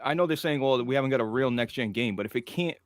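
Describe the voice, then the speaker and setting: A man on a gaming podcast, teasing and joking in an animated way. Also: mid-range voice, quick pace, no room sound. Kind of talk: casual gaming podcast chat.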